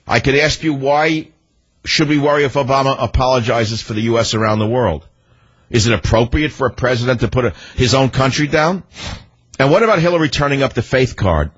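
Angry talk radio guy, husky voice, repeats words for punch, muffled lo-fi sound. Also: mid-range voice, fairly quick. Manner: combative, indignant, emphatic repetition. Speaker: radio talk show host. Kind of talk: talk radio monologue and calls. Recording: dull lo-fi radio audio.

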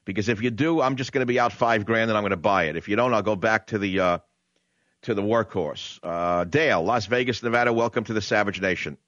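A New York-accented man hosts a talk radio show, delivering a brash, conversational, opinionated monologue and drawing out words for emphasis. His voice is on the low side, fairly quick and a bit bright, recorded in a studio on a condenser mic with no echo but the highs cut off.

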